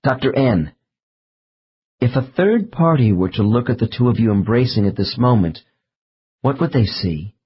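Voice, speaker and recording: A man narrating an audiobook in a measured, slow reading of case transcripts. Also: medium pitch, lively intonation, husky, muffled recording. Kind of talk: scripted narration.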